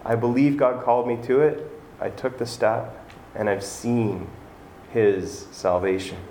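A man's voice: mid-range voice, fairly even intonation, a little slow, warm tone. Earnest preaching man in an echoey room. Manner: earnest, conversational preaching with rising emphasis. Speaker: pastor. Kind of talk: sermon. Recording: echoey room with faint noise.

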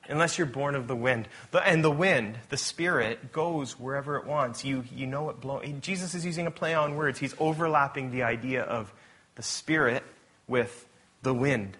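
Man, pastor, conversational sermon, bright forceful tone, self-correcting storyteller. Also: a little high, breathy edge.

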